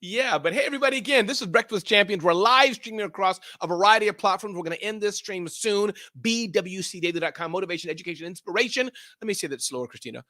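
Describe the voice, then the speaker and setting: An upbeat man hosts a live morning show at a rapid clip. His voice is bright and crisp. The sound is dry and close, with no room around it. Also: high voice, no echo. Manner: brisk, upbeat, repeats phrases. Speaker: host. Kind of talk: live stream show hosting.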